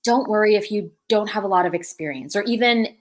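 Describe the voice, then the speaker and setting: A woman's voice: medium pitch, brisk. A woman, an associate director, chatting casually in an online video, with many fillers and laughs. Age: adult.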